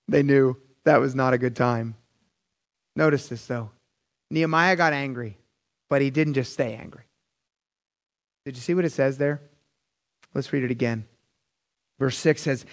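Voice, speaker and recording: A middle-aged man preaching a conversational, animated sermon, often calling the audience "you guys". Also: medium pitch, brisk. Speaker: pastor.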